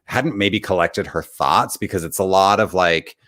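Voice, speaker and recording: A man co-hosting a casual reality-show recap chat, relaxed and chatty, laughing often. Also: low-pitched, moderate pace. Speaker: co-host.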